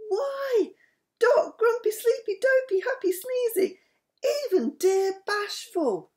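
A woman's voice: sits high, wildly swooping pitch, slow pace, a little mellow, pitched above the performer's own voice, heavily acted. A woman voicing a sweet young princess who cries out with delight. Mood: overjoyed.

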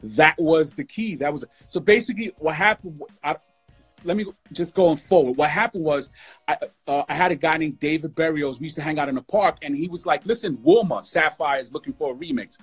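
A man from New York City talks fast and openly as a guest on a phone livestream, slipping "bro" into his stories. His voice is a bit high and husky. Faint music plays underneath. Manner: fast, emotional storytelling with lots of "bro". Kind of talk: casual storytelling interview.

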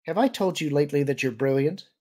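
A man's voice: a little high, animated, quick pace, warm tone, close to an everyday voice. A man putting on Leia, a poised young woman. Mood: wry. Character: woman, young rebel leader, composed.

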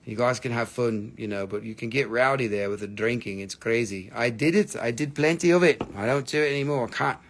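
A man of medium pitch talks a little fast with few pauses while hosting a rock and mineral sale on a livestream. The casual sales banter is jokey and profane, and he likes to tease viewers.

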